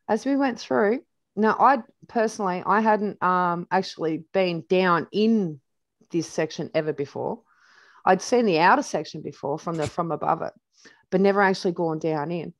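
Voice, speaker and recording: A woman's voice: mid-range voice, moderate pace, no echo, lo-fi sound. A woman with an Australian accent tells stories loosely, as if walking a friend through a photo album. Her voice sits in a middle register, and she often doubles back on her own words. The sound is dry and close, with no room around it. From New South Wales, Australia. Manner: chatty and rambling, with many restarts; vivid anecdotes with reported speech. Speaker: interview guest. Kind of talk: casual storytelling over photos.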